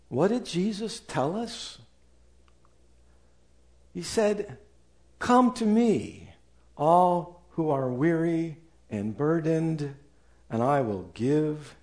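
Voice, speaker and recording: A man's voice: on the high side, darkish tone. A male pastor preaching a sermon with emphasis, acting out listeners' objections in raised voices.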